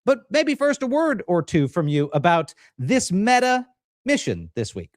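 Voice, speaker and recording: An energetic male co-host of a live-streamed political talk show. His slightly high voice leaps up and down with enthusiasm. The sound is dry and close, with no room echo. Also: measured pace. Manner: energetic, upbeat hosting.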